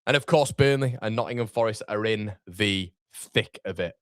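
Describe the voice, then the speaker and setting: A man's voice: fairly low pitch, normal speed, no echo, clean studio sound. A man hosting a live football watchalong, chatting casually and reading viewer comments aloud.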